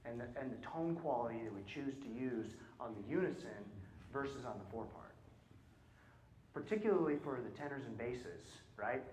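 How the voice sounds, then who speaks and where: A man's voice: mid-range voice, slight background noise. A man working as a choir clinician, coaching singers through a rehearsal and often asking questions and checking in with "right?". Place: concert hall. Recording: roomy hall sound.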